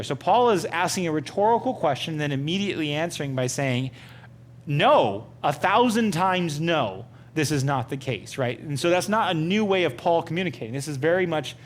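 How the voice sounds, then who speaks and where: A man's voice: a little high, slight background noise. A man leading an interactive Bible study lesson, talking conversationally and asking his group many questions.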